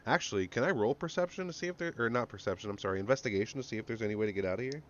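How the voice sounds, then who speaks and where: A man's voice: medium pitch, animated, very fast. A man playing a tabletop game, talking in a rambling, self-correcting way. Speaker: player. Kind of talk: casual tabletop game chat. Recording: dull lo-fi mic.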